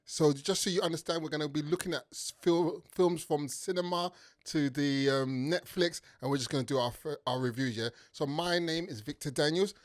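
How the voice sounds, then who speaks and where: A young man with a London accent hosting a comedic film review podcast, talking in an animated way and tagging sentences with "yeah". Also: fairly high pitch, moderate pace. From Nigeria. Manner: animated, tag questions and "yeah" fillers. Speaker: podcast host.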